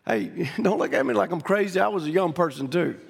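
A middle-aged Louisiana preacher with a Southern accent spins his sermon as a folksy story, with many restarts and shouted high points. His gravelly voice sits high with a breathy edge, moves fairly quickly, and rings with big-room sound.

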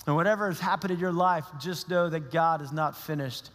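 A man's voice: fairly high pitch, brisk, hardly any pauses, fairly bright tone, big-room sound, faint music behind. A man preaching a sermon as pastor, impassioned, building to emphatic declarations. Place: church.

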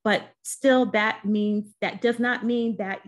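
Earnest woman in her fifties, halting. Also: fairly high pitch, steady tone. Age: 50s. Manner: frequent ums and restarts, earnest. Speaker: HR commentator. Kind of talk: unscripted talk to employers.

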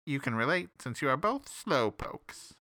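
A man's voice: mid-range voice, big pitch swings, unhurried, bright, forceful tone, no echo. A man voicing a smug, teasing male salamander detective who drawls out his mockery in a sing-song way. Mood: mocking.

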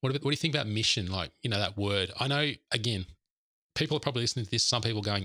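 Fast-talking bright-voiced man co-host. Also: lowish voice, dry recording, studio quality. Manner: conversational, agreeable. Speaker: podcast co-host. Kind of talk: casual chat.

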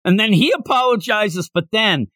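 A man's voice: sits high, normal speed, no room sound, studio quality. A man co-hosting a casual manga podcast, recapping a chapter and acting out the characters' lines as he goes. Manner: animated, acts out characters' lines while recapping. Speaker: podcast co-host.

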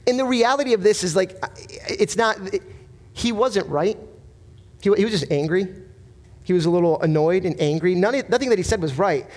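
A man with a high voice preaches from the pulpit. He is earnest and emphatic, breaking into personal stories and putting rhetorical questions to his congregation. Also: animated, brisk, pauses often, a little mellow. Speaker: pastor. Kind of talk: sermon.

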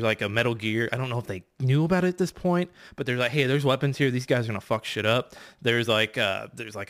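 A podcast competitor races through a casual recap of a game, rambling and profane, packed with fillers and restarts. His voice is mid-range with a fairly bright tone.

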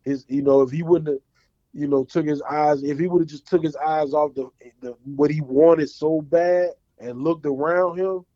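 A man's voice: a little high, fairly even intonation, moderate pace, mellow, no room sound. A man hosting a casual chat, talking in laid-back slang. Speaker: podcast host. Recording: dry, dull lo-fi sound.

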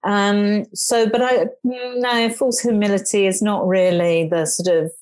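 Lively storytelling woman. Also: medium pitch, a little slow. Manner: lively storyteller, acts out voices in quotes. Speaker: guest. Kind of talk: casual conversation, anecdotes.

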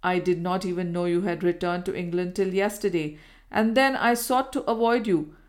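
A woman reading the part of an insistent gentleman who presses a former lover for answers, in a forceful, demanding tone. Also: fairly low pitch, moderate pace, natural voice.

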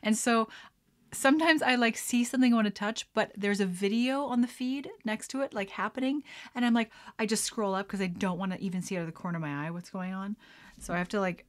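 A woman's voice: mid-range voice, fast talker. A young woman hosting a casual podcast at home, chatty and rambling, often breaking into giggles as she talks. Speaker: podcast host. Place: at home, mixing a drink on camera.

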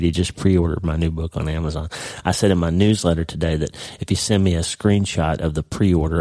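A man from Oklahoma giving earnest devotional Bible teaching on his podcast, slowing down to stress key phrases. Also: low voice, a little mellow, no room sound. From Oklahoma, United States. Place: ranch.

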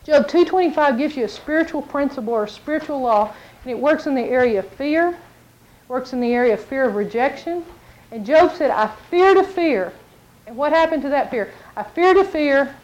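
High-voiced woman preaching. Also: a little fast, dull audio. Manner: animated storytelling, acts out quotes. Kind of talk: sermon.

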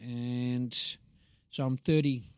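A man, a comedian, telling stories in a casual interview, animated and laughing often as he acts out voices. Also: medium pitch, slow pace, smooth, no room sound. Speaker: comedian guest.

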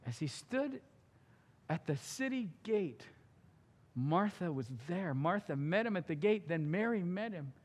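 A man with a high voice preaching a sermon, his words ringing with the long reverb of a big hall. He is impassioned and swings between loud urgent stretches and hushed ones. He drops in casual asides like a friend talking. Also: lively intonation, unhurried. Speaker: pastor.

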